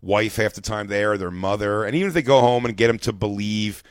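A man's voice: lowish voice, fairly quick, dry recording, clean studio sound. A man co-hosting a casual radio talk show, riffing crudely and laughing often. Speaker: co-host.

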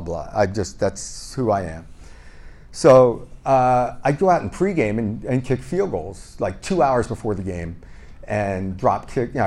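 A man guesting on a podcast, telling stories casually and playfully. He pokes fun at himself and acts out both sides of the conversations he describes. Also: on the low side. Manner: lively, re-enacts dialogue with "I go, he goes"; self-deprecating and playful. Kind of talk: casual anecdotal storytelling.

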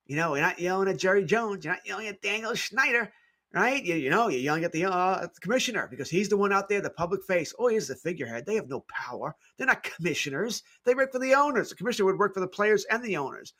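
A man's voice: high-pitched, expressive, fast, bright, forceful tone. Blunt opinionated sports radio man. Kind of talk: casual sports radio talk.

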